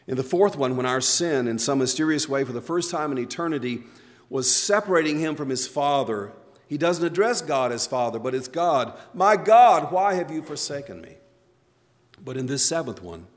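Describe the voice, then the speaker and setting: A man preaching a sermon as pastor, earnest, moving between loud emphasis and quiet, soft passages. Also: mid-range voice. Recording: long hall reverb.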